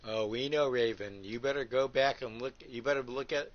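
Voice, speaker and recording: Speaking at a moderate pace with medium pitch and fairly even intonation, the host doubles as a wrestling commentator on his video game stream. He delivers ringside-announcer patter with crude rhymes and keeps saying "folks," all through a muffled, lo-fi recording with noticeable hiss.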